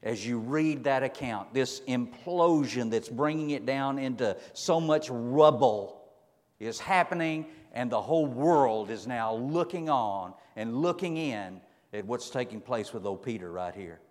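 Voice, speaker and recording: A man's voice: medium pitch, animated, a little slow, long reverb tail. A man preaching a folksy, emphatic sermon. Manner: folksy, emphatic, dramatic swings in loudness.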